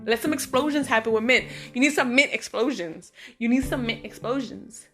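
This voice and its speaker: A middle-aged vlog host tells personal stories in a lively, casual monologue at normal speed, with clear music playing behind her. Her voice sits a little high, and she animatedly acts out her friends' voices and lines as she recounts what they said.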